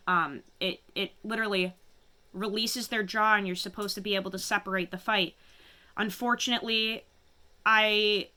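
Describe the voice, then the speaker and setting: Bright, clear-voiced woman holding back tears. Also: medium pitch. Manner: halting, emotional, many restarts and pauses. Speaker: vlogger. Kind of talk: personal confession to camera.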